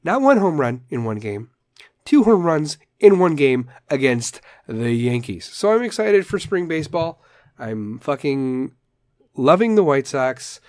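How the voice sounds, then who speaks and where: A man's voice: fairly high pitch, sing-song, measured pace, no echo, studio quality. A man hosting a casual solo podcast, ranting in a rambling, profane way and telling dad jokes. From Chicago area. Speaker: podcast host.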